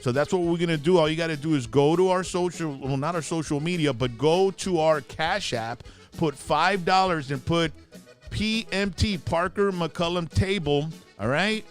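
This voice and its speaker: An upbeat man hosts a live show, pitching giveaways with a somewhat high voice. Faint music plays underneath. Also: normal speed. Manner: upbeat, promotional, switches into Spanish. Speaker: host. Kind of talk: casual live-show chat.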